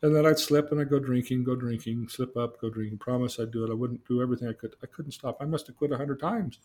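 A man's voice: mid-range voice, quick pace, mellow. A man telling personal stories in a casual, earnest way, repeating himself and asking leading questions. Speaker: guest telling life stories.

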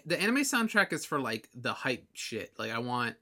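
A young man co-hosting a casual podcast, excitable and swearing often as he riffs. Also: mid-range voice, normal speed. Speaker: podcast co-host. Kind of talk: casual chat.

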